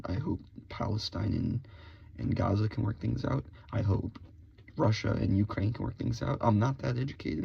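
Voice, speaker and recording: A man giving a mock-serious comedic rant to camera, switching between hushed whispers and loud outbursts. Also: lowish voice, creaky, slightly rough, no echo. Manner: spells out words letter by letter. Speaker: video creator. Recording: dull lo-fi recording.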